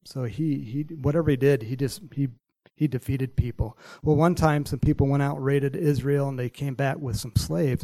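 A man preaching a sermon, acting out a Bible story with voices for the characters and chuckling often, then praying softly, at times in a whisper. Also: mid-range voice, gravelly, no echo, low-quality recording. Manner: prays softly, sometimes in a whisper. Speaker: pastor.

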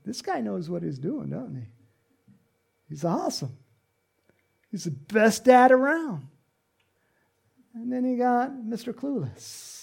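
A male preacher delivers a sermon in an animated, swooping voice that jumps high and drops low. His tone is husky and gravelly, and he breaks off to quiz his listeners. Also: takes it slowly, pauses often. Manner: animated, dramatic storytelling with asides to the congregation.

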